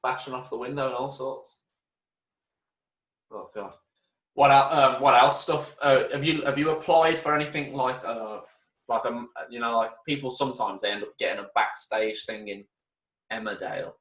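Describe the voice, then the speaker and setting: A man's voice: medium pitch, fairly even intonation, moderate pace, a bit bright, distant mic. A man hosting a podcast, asking questions in a casual, hesitant way with lots of fillers. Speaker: podcast host. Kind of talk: casual interview chat. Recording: roomy sound from off-mic.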